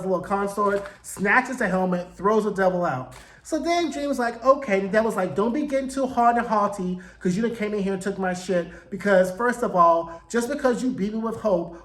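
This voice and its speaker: A man giving a casual, profane recap of a TV show, acting out the characters' lines in quick asides. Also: sits high, a bit bright. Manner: chatty, swears freely, acts out quotes with "he's like". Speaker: TV show reviewer. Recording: roomy echo.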